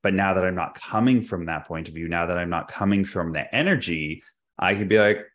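A man's voice: deep voice, fairly bright tone. A man co-hosting a podcast, talking candidly and reflectively in casual chat. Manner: candid, reflective, quick to laugh. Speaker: podcast co-host.

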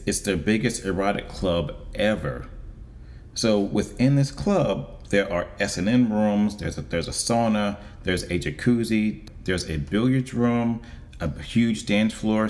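Deep-voiced man in a wry vlog. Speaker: vlogger. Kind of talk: casual monologue to camera.

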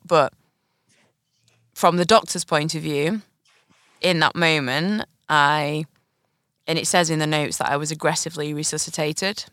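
A woman's voice: deep voice, a bit bright, dry recording, studio quality. Podcast host, woman, 30s, earnest confessional storytelling over music. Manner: earnest, reflective, with nervous laughs. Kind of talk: personal storytelling.

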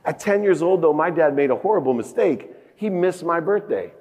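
A man in his fifties giving a motivational keynote speech on a conference stage, telling a personal story with big emotional swings in pitch and loudness. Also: expressive, moderate pace. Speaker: keynote speaker. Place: large conference hall stage. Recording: echoey conference hall.

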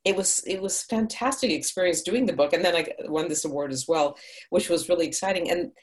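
Her pitch fairly low and her delivery a little fast, a middle-aged actress and audiobook narrator from Hungary chats cheerfully in an interview. Her casual answers are full of digressions and frequent laughter.

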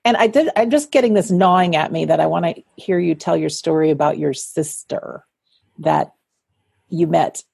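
A woman hosting a podcast, gently guiding her guest with questions. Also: deep voice, moderate pace, vocal fry, husky. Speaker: podcast host. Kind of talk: interview conversation.

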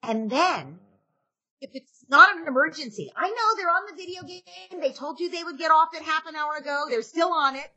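In a podcast interview, this woman, an author on parenting, offers advice while performing quotes from parents and children and earnestly asking "right?" as she goes. She speaks at normal speed in a high-pitched, bright, forceful voice with lively intonation.

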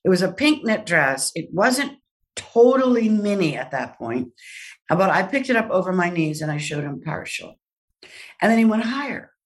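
Older woman, guest storyteller, animated anecdotes, mid pitch, slightly off-mic. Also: moderate pace, distant mic. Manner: animated anecdote with laughs and quoted voices. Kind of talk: storytelling in a podcast interview.

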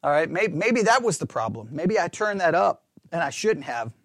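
A pastor chatting in a rambling, animated, self-mocking way while testing his lapel mic in a small closed-in room. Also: on the high side, moderate pace, no room sound, clean studio sound. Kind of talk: casual talk while testing a microphone. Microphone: wireless lapel mic with belt-clip transmitter.

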